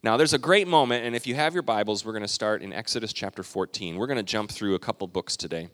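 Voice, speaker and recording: A man preaching a sermon, retelling a story in a lively way and acting out the quotes. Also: fairly low pitch, quick pace. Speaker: pastor. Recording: long reverb of a large hall.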